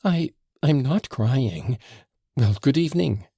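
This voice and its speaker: A man's voice: medium pitch, lively intonation, measured pace, gravelly, warm tone, dry recording, clean studio sound. A man reading an audiobook, voicing an emotional young man who speaks in wild, exclamatory outbursts. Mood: overwrought.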